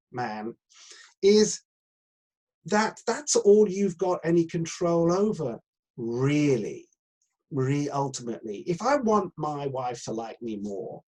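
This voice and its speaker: A man's voice: mid-range voice, darkish tone, breathy edge, poor audio. A middle-aged man, an acting coach talking on a video call, rambling with many fillers and restarts. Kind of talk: live video chat coaching session.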